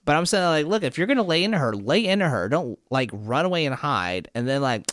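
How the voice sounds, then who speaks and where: A man with a higher voice animatedly retells a cartoon plot in casual podcast chat, quoting the characters as he goes. His pitch swings widely, and the close mic sounds dry. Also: very animated, fairly quick, few pauses, a bit bright, no echo. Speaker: podcast co-host.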